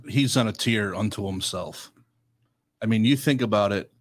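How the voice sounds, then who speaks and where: A man's voice: on the low side, moderate pace, no room sound. A man who is a guest on a casual studio chat, reflective and hesitant.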